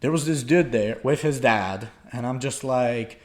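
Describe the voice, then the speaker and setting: A man's voice: medium pitch, measured pace. A young man from Poland telling a long, rambling story in a casual podcast chat, full of fillers and restarts. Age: young adult. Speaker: podcast co-host.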